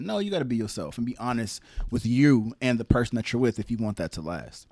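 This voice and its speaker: A man's voice: expressive, fast, hardly any pauses, a little mellow, dry recording. A man co-hosting a casual podcast, joking crudely and talking about relationships. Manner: crude joking, swings high when teasing. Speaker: podcast co-host.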